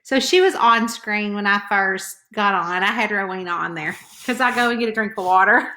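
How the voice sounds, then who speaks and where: A woman's voice: medium pitch, normal speed, pushed and bright. A middle-aged woman with a Southern hillbilly twang, chatting nervously with viewers on a live stream from home and greeting them by name. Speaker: author hosting a live stream. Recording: echoey room.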